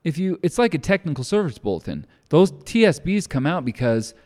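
A man's voice: a little high, sing-song, a little fast, darkish tone. Rambling man in a reverberant room. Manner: rambling storyteller with many fillers and restarts. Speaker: podcast co-host. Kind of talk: casual chat. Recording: long hall reverb.

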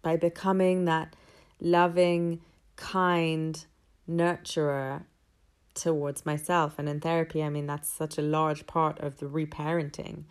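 A woman's voice: deep voice, flat delivery, a little slow, clear, resonant tone. A woman telling a personal story in a candid, rambling, reflective way.

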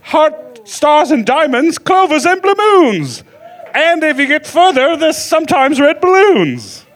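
A man's voice: very high voice, very animated, unhurried, fairly bright tone, voice pushed up, exaggerated voice. A man doing a drunk, surly leprechaun. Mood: boastful. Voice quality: clumsy put-on Irish brogue. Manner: surly, slurring, cursing. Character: grumpy drunk foul-mouthed male leprechaun. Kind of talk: improvised stage comedy bit.

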